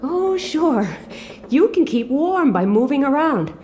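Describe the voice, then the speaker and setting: An actress voicing a sharp-tongued young woman held captive in a video game, speaking in a sarcastic, teasing way. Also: high voice, very animated, takes it slowly, a little hiss or hum, heavily acted.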